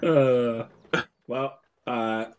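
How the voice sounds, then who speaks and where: A man playing a tabletop game, talking casually in a halting, hesitant way. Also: mid-range voice, steady tone, a little mellow, smooth. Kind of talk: casual tabletop role-play chat.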